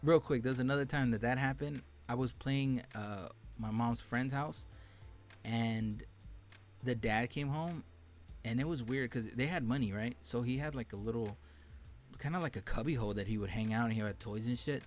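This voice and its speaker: A young man telling stories from his childhood on his own podcast, loose and candid and full of swearing. He talks plainly at an everyday pitch, with faint music under his voice. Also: normal speed. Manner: candid and profane, laughing at painful memories. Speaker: podcast host. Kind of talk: casual storytelling monologue.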